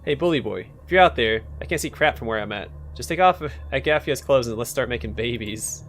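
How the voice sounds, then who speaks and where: A man's voice: medium pitch, expressive, brisk, a bit bright, a little hiss or hum. A man voicing a crude, screechy talking organ that taunts its shy host in a game. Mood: taunting. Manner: lewd, taunting.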